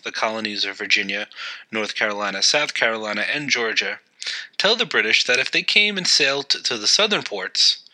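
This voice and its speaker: A man's voice: fairly low pitch, pushed and bright, rough recording. A man hosting a history podcast, narrating events in a loose, conversational way with occasional fillers. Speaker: podcast host.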